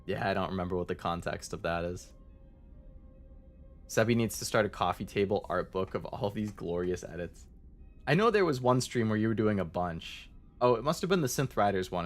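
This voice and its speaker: A man's voice: fairly low pitch, animated, a little fast, soft background music. A man streaming as a VTuber, chatting casually and rambling as he answers his chat, with many fillers.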